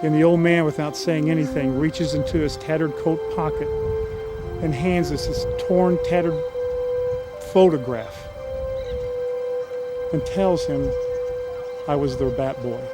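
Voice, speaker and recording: Man, slightly high voice, folksy earnest storyteller, clear music bed underneath. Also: steady tone, a little slow, pauses often, poor audio. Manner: folksy, earnest storyteller quoting characters plainly. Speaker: screenwriter telling his story. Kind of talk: storytelling synopsis.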